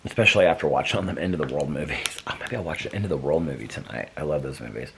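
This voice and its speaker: A man's voice: a bass voice, very fast, creaky, a little hiss or hum. An American man vlogging at home in a rambling, chatty way, talking to his dog. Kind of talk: casual chat. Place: home, indoors. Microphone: camera.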